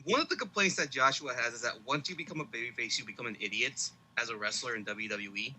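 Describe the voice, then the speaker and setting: A man's voice: medium pitch, quick pace, sharp tone, slight background noise, low-quality recording. A man co-hosting a podcast in casual chat, arguing his points and jumping in to counter. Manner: argumentative, interjecting. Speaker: podcast co-host.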